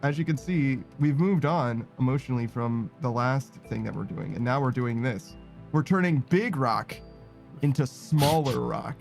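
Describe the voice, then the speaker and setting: A man streaming a game, chatting casually with a friend, self-deprecating and quick to laugh. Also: medium pitch, animated, vocal fry, faint music behind. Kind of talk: casual gaming stream chat.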